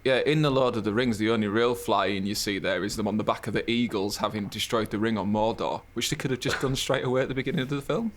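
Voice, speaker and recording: A man's voice: fairly low pitch, fast, few pauses, slight background noise. A man with a British accent, a podcast co-host making wry jokes in casual chat. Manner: wry joking asides.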